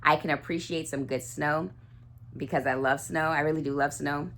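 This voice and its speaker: A woman with a low-pitched voice chats to camera in a relaxed vlog. She gushes warmly about small things and wanders through fillers and false starts. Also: moderate pace. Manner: chatty, gushing, many fillers and restarts. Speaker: doll collector vlogger. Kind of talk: casual chat.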